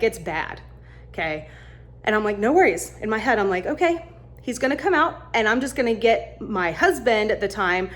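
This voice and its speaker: A woman casually telling a funny travel story, animated and laughing as she acts out what people said. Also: mid-range voice. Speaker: vlogger.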